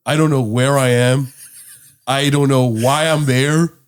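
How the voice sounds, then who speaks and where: A man co-hosting a podcast, telling a story in a relaxed, casual way, swearing often. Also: mid-range voice, unhurried, smooth. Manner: relaxed, swears often, mimics his own past lines. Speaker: podcast co-host.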